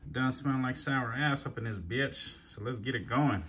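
A man's voice: mid-range voice, normal speed, a bit bright, a little hiss or hum. A man hosting a casual vlog, slangy and hyped, swearing freely. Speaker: channel host.

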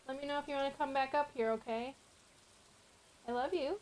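High-voiced woman streaming a game, swearing. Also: fairly quick, long pauses, a little hiss or hum. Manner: swears often, chatty and exasperated; talks softly to her dog between game moments. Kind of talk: live gameplay commentary.

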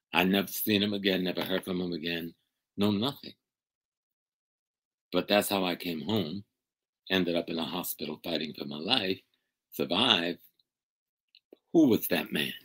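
An older man speaking as a guest on a video call interview. His voice is very low and husky. He tells his story dramatically, with loud emphatic bursts. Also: low-quality recording. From United States. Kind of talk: storytelling in a conversation.

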